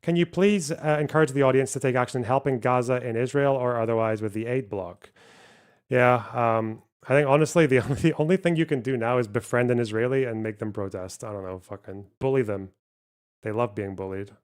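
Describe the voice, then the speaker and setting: A man's voice: mid-range voice, a little fast, clear, resonant tone. A man, a streamer reading donation messages aloud and answering them in casual, profane, sarcastic chat.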